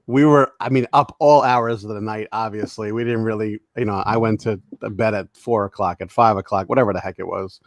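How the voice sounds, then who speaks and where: A man's voice: on the low side, steady tone, a little fast, few pauses, no echo, studio quality. A man co-hosting a casual podcast, swapping laughing stories with his friends. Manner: storytelling, laughing at his own tales. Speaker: podcast co-host.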